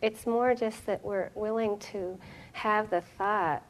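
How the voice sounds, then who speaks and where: A middle-aged woman giving a dharma talk as a meditation teacher, reflective and storytelling, with soft pauses. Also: mid-range voice, steady tone, slight background noise, rough recording.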